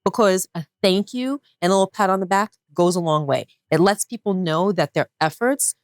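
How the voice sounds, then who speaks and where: A woman co-hosting a casual podcast, her voice sitting on the lower side. She talks expressively and laughs easily. The sound is dry and close, with no room in it. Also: normal speed, no echo. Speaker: podcast co-host. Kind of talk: casual chat.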